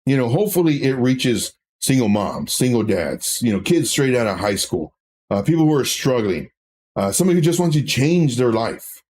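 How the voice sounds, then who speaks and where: A man's voice: medium pitch, big pitch swings, normal speed, darkish tone. A man doing a casual livestream, rambling through chart talk and personal stories as a crypto trading educator.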